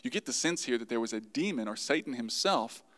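A man preaching a sermon to his congregation, lively and acting out the voices he quotes. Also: medium pitch, fairly quick. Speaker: pastor.

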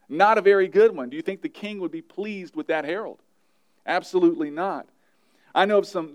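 A male pastor, around his thirties, preaching an emphatic sermon and repeating his key phrases. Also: a little high.

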